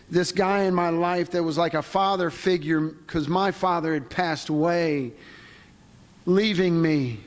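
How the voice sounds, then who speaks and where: A man speaks at a conference, telling his own story as a personal testimony. His voice sits a little high for a man, and his delivery is plain-spoken and halting. The long reverb of a large hall trails behind every word.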